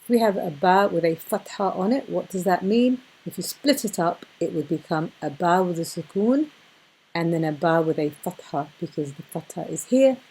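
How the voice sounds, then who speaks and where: A woman teaching a beginner Quran reading lesson, patiently repeating words slowly for her learners. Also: fairly low pitch, animated, darkish tone, husky.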